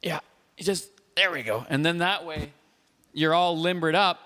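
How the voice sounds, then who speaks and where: A man hosting a call-in show, speaking in a calm, earnest and measured way. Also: a little high, a crowd in the background. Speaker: host. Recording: long reverb.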